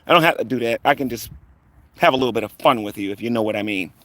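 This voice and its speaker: A man's voice: mid-range voice, fast, fairly bright tone. A man running a live stream, taunting rivals in a combative, rambling rant full of fillers. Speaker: online commentator on a live stream.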